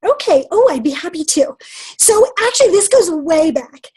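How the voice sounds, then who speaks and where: A woman's voice: very high voice, sing-song, moderate pace, darkish tone, poor audio. A woman from the American Midwest, a podcast guest, earnestly telling her personal story. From Midwest of the United States. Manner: earnest, reflective.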